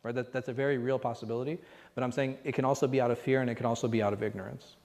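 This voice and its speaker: A man's voice: medium pitch, steady tone, rapid-fire, darkish tone. A man, an imam, teaching a conversational religious class and often asking the room rhetorical questions. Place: mosque class hall. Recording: reverberant hall.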